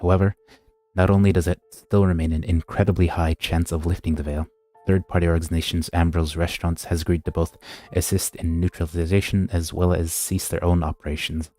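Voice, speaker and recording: A man with a very low, mellow voice sight-reads a story on stream. He reads plainly and trips over words now and then. The sound is dry with faint music underneath. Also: little pitch movement, fairly quick, no echo. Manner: plain reading with stumbles. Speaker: streamer reading aloud. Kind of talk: sight-reading a horror wiki story.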